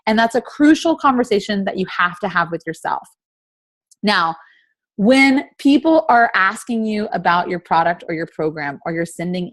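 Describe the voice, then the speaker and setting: A woman in her thirties leading a motivational team call over video chat, full of rhetorical questions. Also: on the low side. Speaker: team leader.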